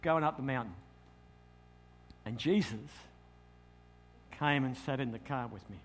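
A man's voice: mid-range voice, unhurried, slight background noise. Australian man preaching with storytelling flair. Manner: lively storytelling, acts out his own thoughts. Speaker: pastor. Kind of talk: sermon storytelling.

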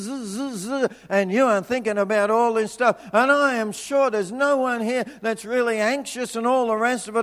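A man preaching a sermon, telling a personal story with energy, then dropping into hushed, slow prayer. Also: extremely high pitch. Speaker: pastor.

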